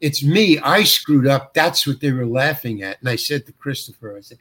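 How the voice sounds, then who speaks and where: A man's voice: moderate pace, hardly any pauses. A middle-aged man telling a story as an interview guest, acting out the quoted lines. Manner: animated, acts out quoted lines with jumps in pitch. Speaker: actor guest. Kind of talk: anecdotal storytelling.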